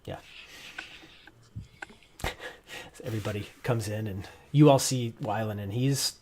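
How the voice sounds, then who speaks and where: A man's voice: fairly low pitch, unhurried, a little mellow, a little hiss or hum. A man narrating as game master for a tabletop game, hesitant with restarts. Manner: hesitant, many restarts and ums.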